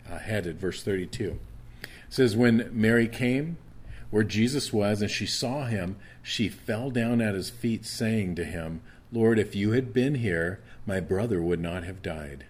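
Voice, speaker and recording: A man's voice: on the low side, husky. A middle-aged man preaching a sermon as pastor, earnest and emphatic, often restarting his words.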